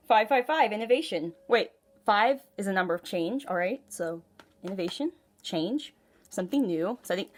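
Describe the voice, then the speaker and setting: A woman giving a casual tarot reading at home, chatty and giggly, talking straight to her viewers. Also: medium pitch. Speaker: tarot reader. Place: home room.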